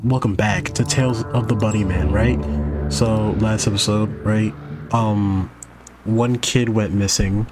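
A man's voice: on the low side, fairly even intonation, measured pace, over loud music. A man giving casual let's play commentary on a horror game, rambling and often checking in with the audience. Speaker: gaming YouTuber.

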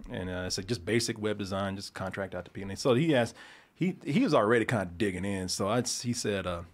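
A man's voice: lowish voice, quick pace. A man on a casual talk show, telling a story with lots of restarts and acting out both sides of the exchange. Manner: animated, acts out both sides of the conversation, frequent swearing and restarts. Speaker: podcast host telling a story.

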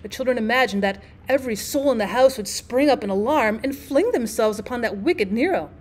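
Expressive woman reading a classic story. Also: on the high side, a little fast. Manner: expressive reading with stray fillers. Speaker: teacher reading aloud. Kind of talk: audiobook narration of a classic story.

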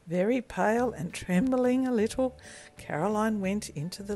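Over soft background music, a woman with a mid-range voice reads a children's storybook aloud at a moderate pace, gentle and expressive.

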